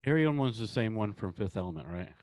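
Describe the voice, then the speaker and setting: A man with a mild North Carolina accent co-hosting a podcast, chatting casually in a relaxed, rambling way. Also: on the low side, fast, no room sound. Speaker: podcast co-host. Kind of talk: casual chat.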